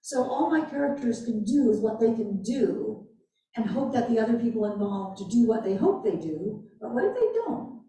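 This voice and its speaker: A woman author answering audience questions at a library talk, animated and emphatic, often repeating her phrases. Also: on the high side, normal speed. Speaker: guest author. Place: library event room. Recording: echoey room, distant mic.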